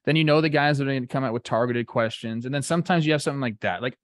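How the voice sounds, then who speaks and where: A man's voice: medium pitch, racing, no room sound, studio quality. A man in his thirties co-hosting a casual sports talk show, talking loosely and filling his speech with "like" and "dude.". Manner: loose, filler-heavy, says like and dude a lot. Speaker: podcast co-host, former ballplayer.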